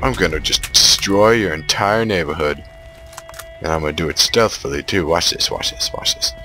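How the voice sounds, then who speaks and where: A man commentating on his own shooter gameplay, excitable and trash-talking the enemies. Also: sits low, moderate pace, soft background music. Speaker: gamer playing a shooter. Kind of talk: let's play commentary.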